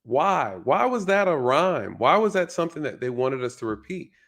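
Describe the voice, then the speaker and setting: A man's voice: fairly high pitch, sing-song, moderate pace, fairly bright tone. A male channel host giving a casual, reflective commentary monologue, often repeating his phrases and checking in with "right?".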